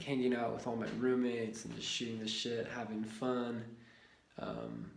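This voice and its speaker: A man's voice: lowish voice, creaky. A young man telling a rambling personal story in a casual vlog, swearing freely and laughing often. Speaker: lifestyle vlogger. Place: shared house in a ski town. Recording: echoey room.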